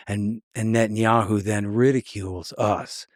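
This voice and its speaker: A man's voice: on the low side, unhurried, few pauses, no room sound, studio quality. A man being interviewed on a podcast, talking bluntly and sarcastically, mocking the people he quotes as he tells his story. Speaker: guest.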